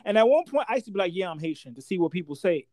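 A man's voice: sits high, rapid-fire, crowd noise. A man co-hosting a podcast, telling stories in casual chat and acting out quotes. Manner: animated storyteller, acts out quotes. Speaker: podcast co-host.

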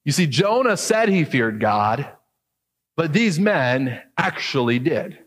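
A man with a high voice preaches through a scripture passage, explaining each verse to his congregation. His voice rings out in a reverberant hall, and he lifts it when he acts out the people in the story. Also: sing-song, slow pace, slightly rough. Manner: expository preaching, voicing quoted characters with rising emphasis. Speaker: pastor. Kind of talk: sermon.

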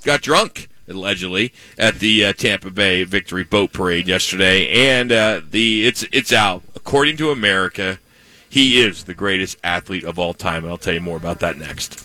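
A man's voice: low voice, normal speed, pushed and bright, dry recording. A man hosting a sports radio show, blunt and teasing as he argues his point. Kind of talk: casual sports talk.

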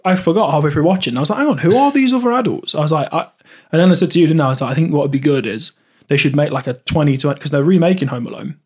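A man's voice: on the high side, racing, slightly rough. A man co-hosting a podcast, rambling casually about films with lots of laughs and restarts. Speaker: podcast co-host.

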